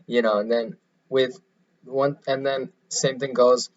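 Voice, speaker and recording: A young man giving a class presentation, explaining in a halting, rambling way. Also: medium pitch, flat delivery. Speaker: student presenter. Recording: dull lo-fi recording.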